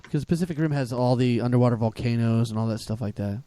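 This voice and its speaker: A man co-hosting a comedy podcast, playful and teasing, quick to laugh and swear. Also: medium pitch, warm tone, no echo. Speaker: podcast co-host. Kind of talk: casual podcast chat.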